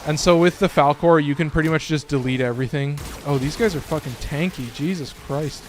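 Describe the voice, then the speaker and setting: A man's voice: on the high side, brisk, hardly any pauses, background noise. Chatty young man streaming a game. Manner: loose, rambling, swears often, lots of fillers. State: voice cracking. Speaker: gaming streamer. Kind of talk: casual gameplay commentary.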